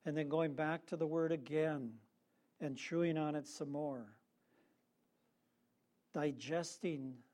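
A man preaching a sermon, leading the congregation in call-and-response with slow, emphatic phrasing. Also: a little high, a little mellow.

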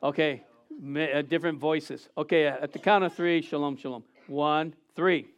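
A pastor preaching an animated sermon, calling on the congregation to answer and repeat after him. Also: male voice, on the high side, moderate pace, smooth.

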